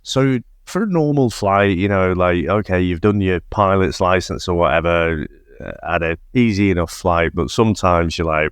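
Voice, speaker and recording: A man with a lowish voice talks through a film he finds ridiculous, swearing freely and tripping over his own restarts. The sound is dry and close, with no room around him. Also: normal speed, clear, resonant tone, no room sound. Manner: sweary, incredulous, many restarts. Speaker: podcast co-host. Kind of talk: casual film review chat.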